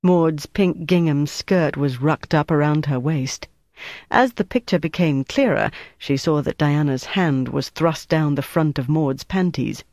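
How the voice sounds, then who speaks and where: A man reading a novel aloud as narrator, in a steady, even way. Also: fairly high pitch, unhurried, no echo, studio quality. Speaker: audiobook narrator. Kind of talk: scripted narration.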